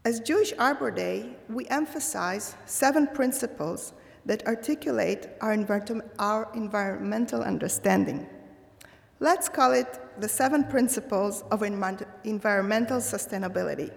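A woman giving a slow, measured and thoughtful holiday sermon. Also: mid-range voice, creaky, long reverb tail. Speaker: religious speaker.

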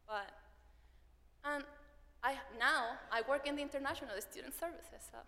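A woman's voice: sits high, moderate pace. A young woman from Venezuela, a native Spanish speaker with a Venezuelan accent, telling her story as a university student and acting out what people said to her. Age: young adult. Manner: animated, acts out what people said. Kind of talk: personal storytelling. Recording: long hall reverb.

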